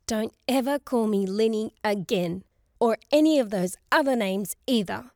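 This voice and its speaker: A woman reading a storybook voices a furious, hot-headed ten-year-old girl who yells in a passion. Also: a little high, normal speed, no room sound, studio quality, natural voice. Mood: commanding. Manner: yelling, passionate.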